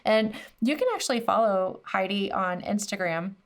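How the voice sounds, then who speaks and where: A woman's voice: medium pitch, normal speed. A woman hosting a podcast interview, encouraging her guest and backing her up with frequent "mm-hmm". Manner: warm encouraging, constant "mm-hmm" backchannel. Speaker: podcast host. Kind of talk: casual interview chat.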